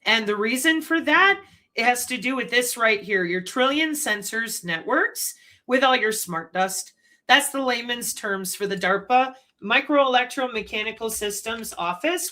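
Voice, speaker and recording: A woman hosting her own channel, lecturing in an animated way and asking rhetorical questions. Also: on the high side, measured pace. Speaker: channel host. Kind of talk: commentary.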